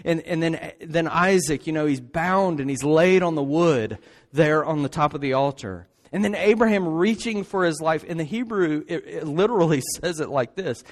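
A man's voice: fairly high pitch, lively intonation, normal speed. A man preaching a sermon in an emphatic way, often tossing in rhetorical asides. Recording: long hall reverb.

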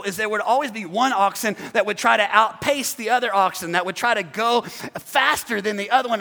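A man preaches a sermon with a high, bright voice and a gravelly edge. He keeps calling on the congregation to repeat and answer him. The sound rings with long reverb from a large church hall. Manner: preaching to a congregation, calls for responses. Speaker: pastor.

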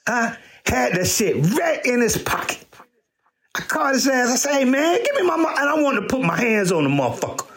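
A middle-aged man hosting a comedy show, telling a profane story and acting out quotes in sudden high bursts. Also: very animated, brisk, a bit bright. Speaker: comedian host. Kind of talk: storytelling stand-up monologue.

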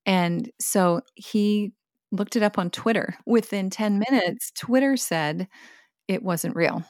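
A woman, retelling a personal experience in conversation in a vivid, expressive way with bursts of laughter. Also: medium pitch, takes it slowly, no echo, clean studio sound. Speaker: guest sharing her experience.

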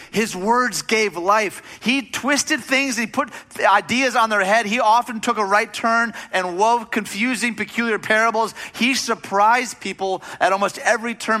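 A man's voice: sits high, pushed and bright. A man preaching a sermon as a pastor, speaking in a conversational, emphatic way with rhetorical questions.

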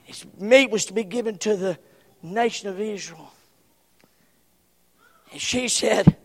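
Man, preacher, sermon, bright sharp tone, long hall reverb. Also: very high voice, moderate pace, long pauses. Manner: impassioned, swings from shouts to hushed whispers.

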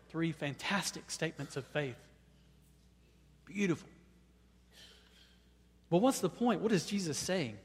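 A man preaching a sermon. He often repeats words as he starts a phrase, and at times he rises to loud, high-pitched proclamation. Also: lively intonation, unhurried, long pauses, long reverb tail. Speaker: pastor.

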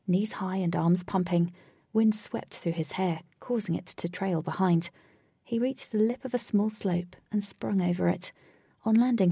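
A woman narrating a children's adventure story, often dropping to a hushed whisper for suspense. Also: lowish voice, creaky, husky, no echo, studio quality.

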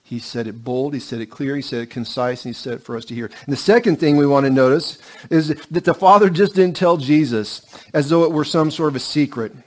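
Earnest and emphatic, a middle-aged man preaches as a pastor in a medium-pitched voice, easing his pace and falling to a hush whenever he reaches a key line.

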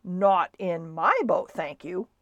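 A woman's voice: fairly low pitch, takes it slowly, a bit bright, dry recording, muffled recording. A woman voicing a blustery, emphatic grown man who owns a toy schooner, in a storybook reading. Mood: firm.

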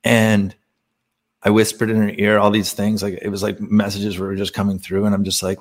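A man with a slightly low voice talks as a podcast guest. He tells a personal spiritual story in an earnest, casual way. He laughs often and fills his speech with "like.". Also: flat delivery, moderate pace. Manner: earnest, laughing, many fillers.

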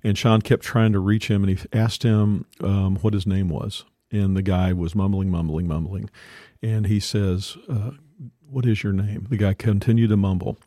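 A man hosting a casual conversation, telling a story with many pauses and fillers. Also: fairly low pitch, fairly even intonation, warm tone, no echo, studio quality.

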